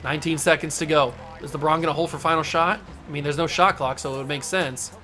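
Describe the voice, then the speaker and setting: A young man hosting a gaming channel, commenting casually on his basketball video game and breaking into excited play-by-play shouts at big plays. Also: on the high side, fast.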